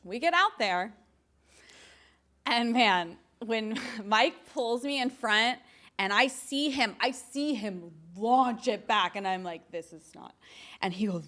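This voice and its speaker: A woman in her thirties, a guest in a casual interview, telling animated stories with lots of laughter and acted-out quotes. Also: a little high, moderate pace. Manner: giggly, animated, quotes others in voices.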